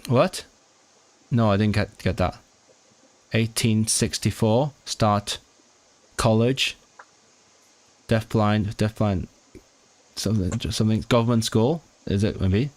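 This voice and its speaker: A low-pitched man talks at an unhurried, slow pace during a live study stream. He thinks aloud and stumbles over restarted words. His puzzled asides to himself keep the talk halting. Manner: halting, restarting words while working out signed content; puzzled self-questioning asides. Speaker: language-learning streamer.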